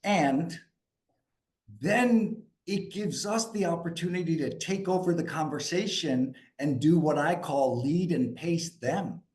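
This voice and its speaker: A man from New York coaching a group live, energetic and asking the group questions. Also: fairly high pitch, measured pace. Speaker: sales coach.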